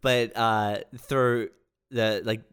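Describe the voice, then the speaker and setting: A man's voice: on the low side, steady tone, very slow, fairly bright tone, smooth. A man chatting casually on a podcast, rambling a little with lots of fillers. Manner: laid-back, rambling, swearing, with fillers.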